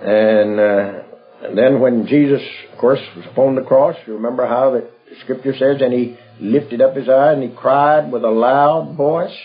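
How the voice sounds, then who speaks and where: A man teaching from the Bible in a halting, folksy way, with many fillers and restarts. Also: medium pitch, steady tone. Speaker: preacher. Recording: dull lo-fi old recording with faint music.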